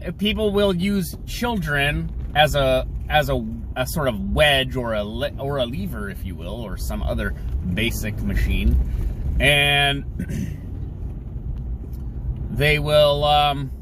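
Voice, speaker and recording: A man's voice: slow, fairly bright tone, low-quality recording. Sarcastic man ranting from his car. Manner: sarcastic, mocks others in shrill put-on voices. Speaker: podcast host. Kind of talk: opinionated solo commentary while driving. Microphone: phone or camera mounted in the car. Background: faint car and road noise.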